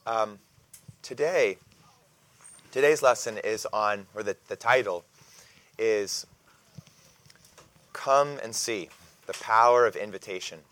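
Man, bible class teacher, casual lesson, halting delivery, frequent throat clearing, lowish voice. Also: a bit bright. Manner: hesitant, many fillers and restarts, clears throat often.

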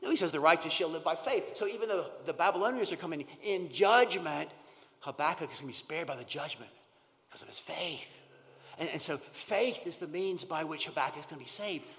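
A man preaching a sermon, earnest and emphatic, often repeating words and dropping from loud stress to a near-whisper. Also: fairly high pitch, expressive, a little fast. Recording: long hall reverb.

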